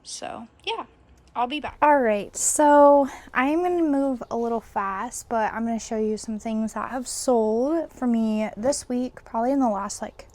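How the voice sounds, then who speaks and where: A woman's voice: on the high side, unhurried, a little mellow. A young woman casually vlogging about her reselling business, chatty and full of fillers as she shows items to the camera. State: a little out of breath. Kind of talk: casual vlog narration.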